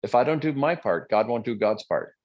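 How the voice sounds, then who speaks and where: A man giving a live-streamed motivational talk, joking and conversational, checking in with his audience with quick questions. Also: mid-range voice, animated, muffled recording. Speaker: motivational speaker.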